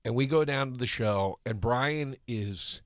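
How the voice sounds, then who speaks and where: A man hosting a podcast, telling a story in a laughing, animated, swearing way. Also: mid-range voice, measured pace, no echo, studio quality. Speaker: podcast host. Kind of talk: casual storytelling chat.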